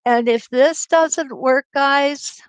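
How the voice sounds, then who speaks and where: Greeting her viewers by name, a middle-aged woman chats and laughs through a casual live quilting stream. She speaks slowly in a high-pitched voice, and the audio from her computer webcam mic is poor, though free of echo.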